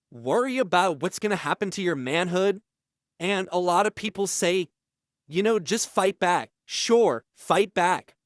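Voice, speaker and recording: Halting, self-pitying man telling a story. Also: high voice, dry recording, clean studio sound. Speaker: parody interviewee. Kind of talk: deadpan comic storytelling.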